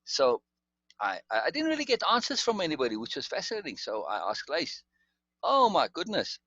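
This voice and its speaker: A man's voice: fairly high pitch, huge pitch swings, fairly quick, bright, forceful tone, no echo, highs cut off. A man telling a long personal story in casual conversation, rambling with restarts and asides. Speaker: guest storyteller.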